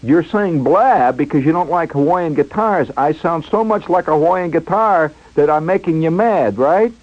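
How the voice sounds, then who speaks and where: A man hosting a radio show, telling a personal story in an animated way, chuckling and imitating sounds as he goes. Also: on the high side, normal speed, dull audio. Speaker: radio host. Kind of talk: storytelling monologue on air.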